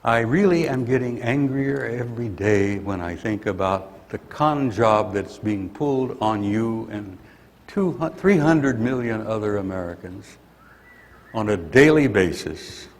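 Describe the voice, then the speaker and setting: A man's voice: fairly low pitch, measured pace, in a large hall. An older man giving a blunt, grumpy conference talk and venting his anger. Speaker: conference speaker. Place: conference hall.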